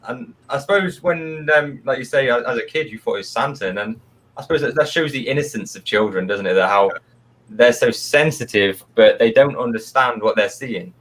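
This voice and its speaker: A man's voice: medium pitch, fairly quick, a bit bright, poor audio. Chatty man co-hosting a stream. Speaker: co-host. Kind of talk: casual chat on a live stream.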